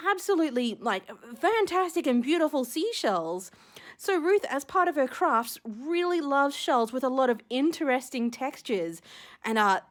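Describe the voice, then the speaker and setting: A young woman unboxing seashells on her vlog, gushing and giddy, gasping with delight. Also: high voice. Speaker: shell collector unboxing a gift.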